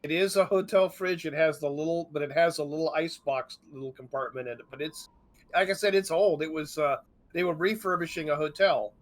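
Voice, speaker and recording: A man's voice: on the high side, brisk. A man in a casual gaming stream chat, insistent and repeating himself to make his point.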